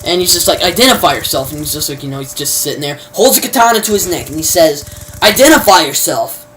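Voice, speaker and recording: Rambling low-voiced woman recapping a show. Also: animated, quick pace. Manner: rambling, many fillers and restarts, mild slang. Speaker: TV episode reviewer. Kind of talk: casual spoken episode recap. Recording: distant mic, faint background noise.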